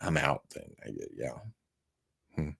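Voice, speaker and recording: A man's voice: extremely low pitch, sing-song, takes it slowly, creaky, fairly bright tone, slightly rough. A man with a Southern US accent, hosting a live show and chatting casually with his viewers, rambling, chuckling often and poking fun at himself. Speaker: podcast host. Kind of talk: casual livestream chat with viewers.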